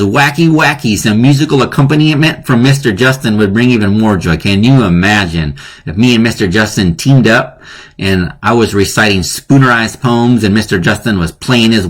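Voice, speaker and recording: Man, live online teacher, playful, chatty, chuckling, casual delivery. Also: lowish voice. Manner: playful, chatty, chuckles at his own jokes. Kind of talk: casual live-streamed lesson.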